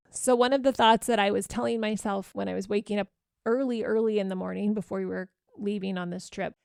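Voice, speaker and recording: A woman parenting coach talking alone on a podcast, gently repeating soft affirmations in a reassuring way. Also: a little high, creaky, smooth, no room sound, clean studio sound. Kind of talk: solo podcast coaching talk.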